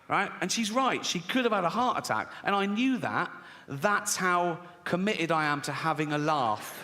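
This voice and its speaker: A man's voice: on the high side, very animated, normal speed, sharp tone. A man in his sixties with an English accent doing stand-up comedy, sardonic, acting out voices and asking "right?" after his punchlines. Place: large theatre with audience. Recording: live hall reverb, faint room noise.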